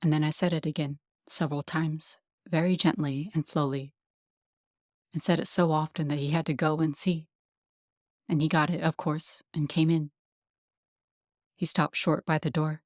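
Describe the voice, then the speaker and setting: An audiobook reader giving a calm, gentle, unhurried narration of a classic story. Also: medium pitch, no room sound, studio quality.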